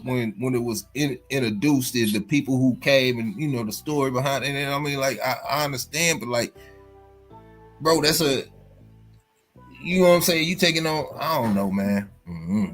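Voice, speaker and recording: A man talking casually on a livestream, circling back over his points and leaning on "you know what I'm saying". His voice is bright and forward, at a middling pitch, with faint music underneath. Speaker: livestream host. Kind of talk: casual chat.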